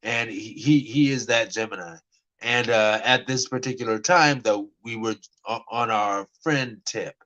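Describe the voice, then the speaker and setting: A man vlogging to camera, telling a personal dating story in a rambling way, stammering and restarting often and dropping into quiet murmured asides. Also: lowish voice, measured pace, poor audio. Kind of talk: casual talk to camera.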